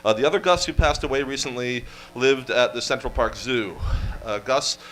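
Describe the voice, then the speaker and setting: A man giving a comic history talk to a live audience, full of wry deadpan asides and quick jokes. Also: mid-range voice, poor audio. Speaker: storyteller presenter. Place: event room with live audience.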